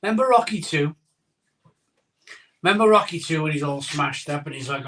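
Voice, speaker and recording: A man's voice: on the high side, lively intonation, moderate pace, long pauses, fairly bright tone. A middle-aged man hosting a casual live stream from his conservatory, chatting and reading out viewer comments in a jokey, sleepy way. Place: home conservatory. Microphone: phone camera.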